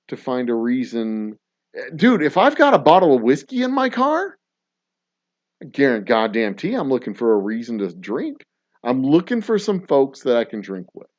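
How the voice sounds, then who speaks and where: Guy cussing and ranting on a podcast, voice jumps all over, kinda muffled lo-fi sound. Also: fairly high pitch. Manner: profane, animated ranting with laughs. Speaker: podcast co-host. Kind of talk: casual chat over drinks.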